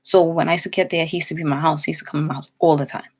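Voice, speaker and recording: A woman's voice: deep voice, fairly even intonation, racing. A young woman casually telling a personal story, rambling with many fillers and restarts. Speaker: vlogger.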